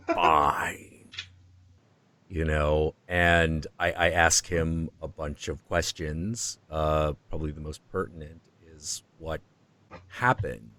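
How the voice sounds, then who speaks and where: A man hosting a stream who tells a story in a profane, excitable way and acts out the quotes. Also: extremely low pitch, slow pace. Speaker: host.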